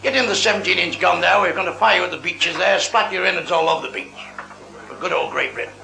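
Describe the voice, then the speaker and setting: Pompous British admiral put on by a man, barked orders, high gravelly voice, roomy echo. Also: fast talker, pushed and bright, full character voice. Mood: commanding. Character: blustering male British naval admiral, pompous.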